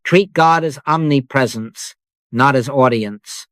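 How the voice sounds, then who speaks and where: Slow, solemn male spiritual narrator. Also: medium pitch, fairly bright tone, no echo. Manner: measured, solemn cadence in short phrases. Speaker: spiritual teacher. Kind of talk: scripted meditative sermon.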